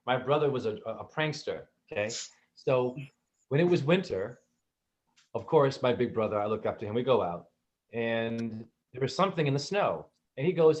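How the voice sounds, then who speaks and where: A man's voice: medium pitch, animated, moderate pace, muffled recording. A man telling funny childhood stories on a podcast, acting out the voices of the people in them. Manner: theatrical, acts out voices in his stories. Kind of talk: animated comic storytelling.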